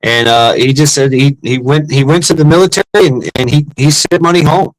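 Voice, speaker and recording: A man's voice: medium pitch, a little fast, a little hiss or hum, low-quality recording. Profane rambling man telling stories. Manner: profane, rambling storyteller with many restarts. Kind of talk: casual chat.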